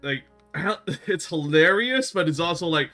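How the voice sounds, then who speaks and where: A man's voice: a little high, lively intonation, a little slow, bright, forceful tone, soft background music. A man hosting a casual chat show, laughing often and talking with lots of hesitant fillers. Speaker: host.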